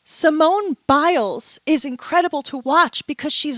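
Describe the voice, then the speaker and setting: A woman's voice: high voice, expressive, measured pace, few pauses, fairly bright tone, dry recording. A woman vlogger in a casual, chatty monologue, playful and full of asides, a little stuffy and under the weather. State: stuffy, feeling unwell.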